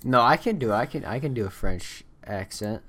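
A man's voice: medium pitch, expressive, normal speed, fairly bright tone. A young man co-hosting a podcast, playful and teasing, often stumbling and restarting his sentences. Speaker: podcast co-host. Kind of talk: casual chat.

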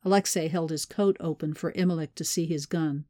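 Brief: woman narrator, lower voice, measured read, very dry booth sound. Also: steady tone, warm tone, dry recording. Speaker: audiobook narrator. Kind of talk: scripted narration.

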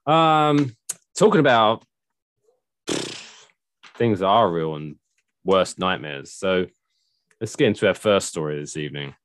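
Casting: sarcastic, rambling male podcast host, low voice, dry mic. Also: animated, measured pace, pauses often, smooth, no echo. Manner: rambling, sarcastic, swears freely. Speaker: podcast host telling news stories. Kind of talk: casual chat.

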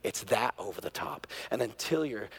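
A middle-aged male pastor preaching a sermon, telling a family story, moving from hushed, quiet moments to loud, excited peaks. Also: lowish voice, moderate pace, slightly rough. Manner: animated storyteller, swings from hushed to near-shouting.

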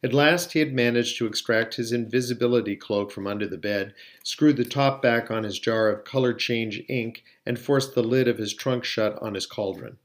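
A man reading a storybook aloud in an even, steady voice of middle pitch. He narrates at an unhurried pace and now and then stumbles over a word. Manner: steady, occasionally slipping on words. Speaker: audiobook reader.

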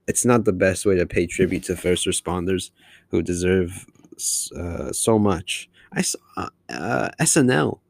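A man's voice: low voice, gravelly, darkish tone, no room sound. A man hosting his podcast alone, talking casually in a long-winded, rambling way. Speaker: podcast host. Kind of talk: casual solo monologue.

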